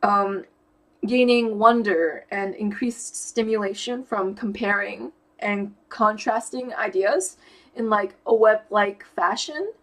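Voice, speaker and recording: Slow, thoughtful young woman vlogger. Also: medium pitch, fairly bright tone, rough recording. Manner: thoughtful, searching for words with fillers and restarts. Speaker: YouTuber explaining personality type. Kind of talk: casual explanatory monologue.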